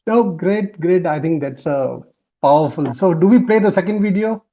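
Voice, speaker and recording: A man from India hosting an interview, giving short, halting, encouraging replies to his guest. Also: high-pitched, lively intonation, highs cut off. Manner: brief affirming responses, halting phrasing. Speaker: host.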